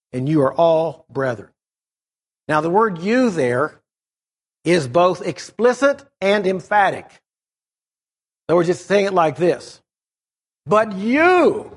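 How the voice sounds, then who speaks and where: A middle-aged man preaching in a measured, explanatory way, leaning on key words as he teaches through a Bible passage. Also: sits high, slightly rough.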